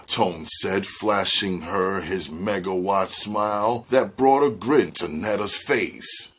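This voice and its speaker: A man reading an audiobook aloud in a slow, measured narration. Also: sits low, fairly bright tone, husky. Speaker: audiobook reader.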